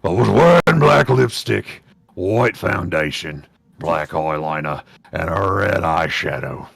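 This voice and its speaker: A man voicing a gruff orc reading a goth teen girl's story aloud as a comic dramatic reading. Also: low-pitched, lively intonation, takes it slowly, fairly bright tone, dry recording, voice pushed down, exaggerated voice. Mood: gruff deadpan.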